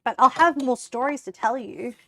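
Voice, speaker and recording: In a clean, dry studio recording, a young woman speaks in a high, sharp voice at normal speed. She chats with live-stream viewers while cooking, giggling and laughing often between rambling, filler-filled remarks.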